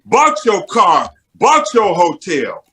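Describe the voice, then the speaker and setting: A man's voice: sits high, huge pitch swings, slow pace, crowd noise. A male guest on a live online talk show, heated and indignant, firing off a list of complaints.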